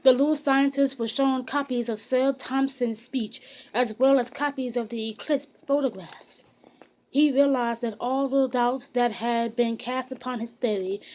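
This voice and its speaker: A woman's voice: on the high side, darkish tone, low-quality recording. Woman reading a biography aloud. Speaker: narrator.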